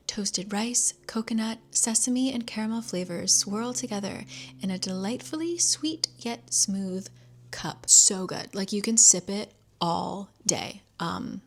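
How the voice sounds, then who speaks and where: A woman's voice: medium pitch, animated, unhurried. A woman vlogger chatting casually, rambling with lots of fillers. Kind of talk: casual chat.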